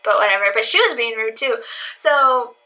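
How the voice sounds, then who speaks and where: Young woman vlogger for a casual storytime at home, chatty and filler-heavy, with a crisp bright tone. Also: a little high, moderate pace, rough recording.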